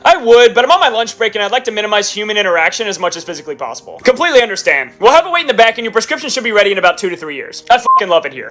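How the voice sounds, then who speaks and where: A man rattles off POV comedy sketches at a brisk clip, switching between characters on his own. His voice sits high and swings widely, with a bright, edgy tone. Every punchline lands with dry, deadpan sarcasm. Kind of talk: rapid-fire POV comedy skits.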